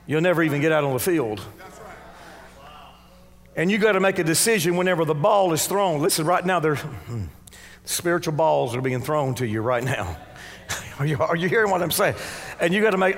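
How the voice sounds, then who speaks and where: A high-pitched male preacher delivering a fervent sermon, repeating phrases and calling out to the congregation. He swings from soft, low asides up to shouted exhortations, and his voice rings with a long reverb as in a large church hall. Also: animated, normal speed, pauses often. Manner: repetitive call-and-response preaching.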